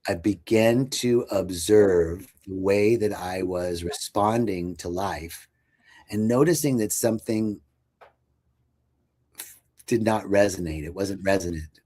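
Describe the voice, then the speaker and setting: A man's voice: low voice, slow pace, mellow. A man on a podcast telling about his spiritual path in an earnest, searching way, with many fillers and restarts. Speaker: podcast guest. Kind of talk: reflective spiritual storytelling.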